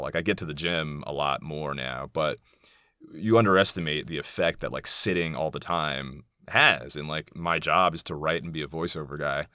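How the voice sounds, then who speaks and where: Deep-voiced, bright-toned man in his thirties. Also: no room sound, studio quality. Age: 30s. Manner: candid, rambling, profane, animated when indignant. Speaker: podcast host. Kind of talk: solo podcast monologue.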